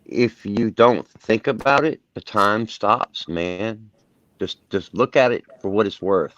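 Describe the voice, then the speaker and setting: A low-voiced man muses philosophically on a live panel, stammering and repeating himself. His audio comes through dull and dry. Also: slow, fairly bright tone, dry recording. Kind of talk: casual chat.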